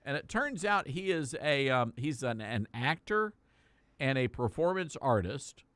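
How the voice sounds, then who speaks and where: Lively male radio talk host, dry studio sound. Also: medium pitch, a little slow, no room sound. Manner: amused, chatty, laughing asides. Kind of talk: casual radio chat. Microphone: studio microphone.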